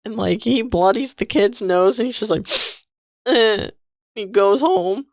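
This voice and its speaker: A woman's voice: medium pitch, normal speed, darkish tone, no room sound, clean studio sound. A woman co-hosting a podcast, chatting about a film in a loose, profane, nostalgic way. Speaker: podcast co-host. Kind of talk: casual movie-review chat.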